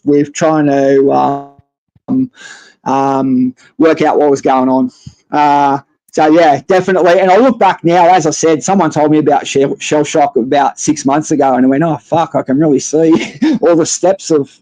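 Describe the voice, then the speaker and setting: A man's voice: on the high side, warm tone, dry recording, rough recording. A man with an Australian accent telling his story casually, swearing often and stumbling over restarts. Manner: profane, halting with many restarts.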